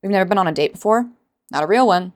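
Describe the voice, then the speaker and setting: A woman's voice: medium pitch, expressive, quick pace, natural voice. A woman reading a novel aloud, voicing a blunt, feisty young woman with a put-on accent. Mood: flustered.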